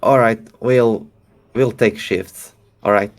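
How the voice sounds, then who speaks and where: A man's voice: on the low side, takes it slowly. A man playing a tabletop game, hesitant and often stammering. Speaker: player.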